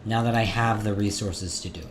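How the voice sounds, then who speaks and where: A man giving quiet, casual commentary while playing a video game, mostly talking to himself. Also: fairly low pitch, steady tone, a little fast. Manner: quiet, mumbled asides to himself. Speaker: gamer, video host. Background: game music.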